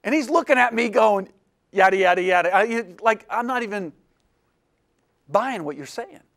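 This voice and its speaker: In front of his students, a professor of illustration animatedly relates a story about himself, taking jabs at his own expense and imitating the other people's voices. The voice sits high and moves at normal speed.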